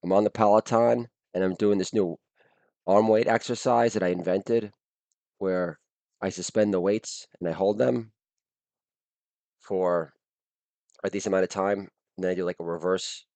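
A man hosting a podcast with a blown-out, hoarse voice, delivering a crude comedic rant broken up by sudden shouted catchphrases. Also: low-pitched, fairly even intonation, moderate pace, pauses often, dry recording. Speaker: podcast host.

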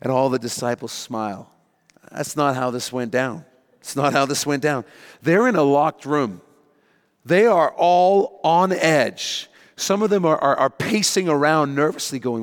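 Animated preacher man in a reverberant hall. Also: fairly high pitch, normal speed. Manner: animated storytelling, acting out panicked voices. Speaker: pastor. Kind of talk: sermon.

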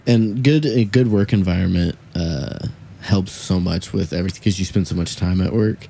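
A man's voice: sits low, moderate pace, gravelly, warm tone. A young man in casual chat, talking in a loose, rambling, easygoing way.

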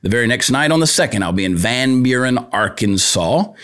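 A man's voice: mid-range voice, lively intonation, brisk, fairly bright tone. A man hosting an opinion talk show and ranting in a crude, joking, worked-up way. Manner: riled-up, crude, joking rant. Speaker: podcast host and comedian.

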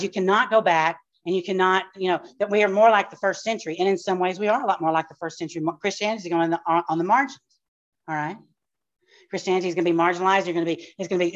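A woman pastor, teaching a live class in a fast, animated storytelling way with quick asides. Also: lowish voice. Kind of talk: live-recorded church class. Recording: dull lo-fi live recording.

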